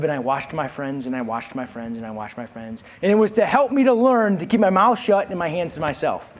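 During his sermon, a man tells a personal story and invites the congregation's response. His voice swings between soft, low passages and raised, emphatic ones.

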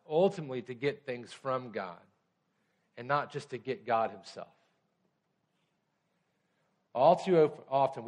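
A pastor preaching a conversational sermon, often checking in with the congregation. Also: male voice, mid-range voice.

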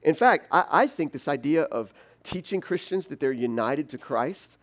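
A pastor preaching a sermon in an animated, conversational way, acting out the questions a listener might ask. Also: male voice, on the high side, moderate pace. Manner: animated, teasing and conversational, voices imagined objections.

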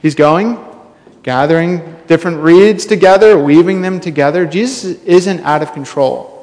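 Male pastor, high-pitched, casual storytelling sermon delivery, heavy hall reverb. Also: moderate pace, a little mellow. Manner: casual, storytelling, many fillers. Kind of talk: conversational sermon.

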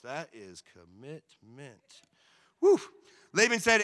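Male preacher, casual and animated, slangy asides; bright tone, long reverb. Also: on the high side, unhurried, clear, resonant tone. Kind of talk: sermon.

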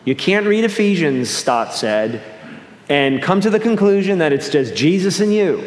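A man's voice: sits high, big pitch swings, normal speed. A man from the American Northeast preaching a sermon as pastor, earnest, often restarting his phrases. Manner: earnest, with repeated restarts and shifting pace. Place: church sanctuary. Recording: echoey hall with long reverb.

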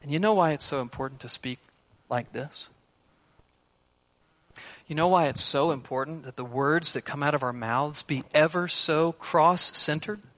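A man preaching an expository sermon, emphatic and shifting between loud stresses and hushed words. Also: fairly high pitch, moderate pace.

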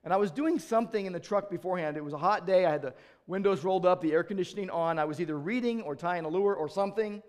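A man with a high, bright-edged voice preaches a sermon. He swings between loud, urgent lines and soft, dropped passages. His stories come with acted-out exchanges. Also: fast. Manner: emphatic, swings between loud urging and quiet, low delivery. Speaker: pastor.

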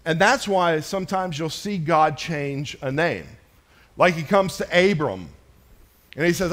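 A joking, chatty pastor preaching. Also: male voice, a little high, lively intonation, measured pace, a bit bright. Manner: conversational and joking, addressing a congregation. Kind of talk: sermon.

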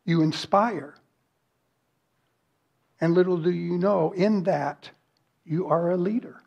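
A man's voice: high voice, takes it slowly, creaky, pauses often, a little mellow, dull audio. A man preaching a sermon as pastor, earnest and emphatic, with rhetorical questions and lists.

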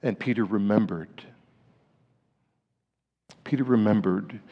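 A pastor preaching a sermon, his voice dropping to grave, hushed lows and then climbing to emphatic, rising peaks. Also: slow pace, slightly rough, in a large hall, lo-fi sound.

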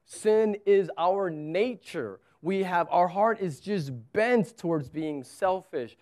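Pastor guy preaching, earnest, kinda high-pitched, doubles up words when he pushes a point. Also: slow, a little mellow. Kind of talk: sermon.

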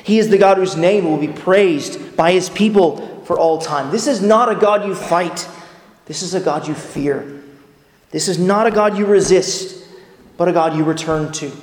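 A man's voice: high voice, a little mellow, roomy sound, big-room sound. A man preaching a sermon as pastor, earnest and emphatic, pressing his listeners with rhetorical questions.

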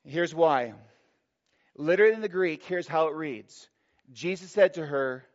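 Emphatic male preacher, lo-fi sound. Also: fairly high pitch. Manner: emphatic preaching, stressing key words, slowing for scripture. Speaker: pastor. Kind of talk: sermon. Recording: dull lo-fi sermon recording.

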